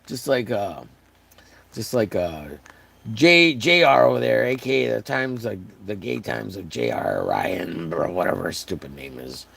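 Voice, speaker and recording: Hoarse, gravelly-voiced joking man from Texas. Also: on the low side, animated, unhurried, a bit bright. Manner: joking, rambling, riffs on catchphrases. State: hoarse, voice wearing out. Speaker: live-streaming artist. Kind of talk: casual chat to a live stream audience.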